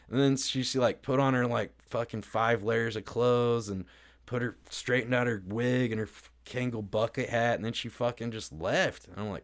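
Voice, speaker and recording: A man's voice: mid-range voice, steady tone, normal speed. A man telling a rambling, crude story on his live stream, peppered with swearing and filler words. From Indiana, US. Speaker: livestreamer.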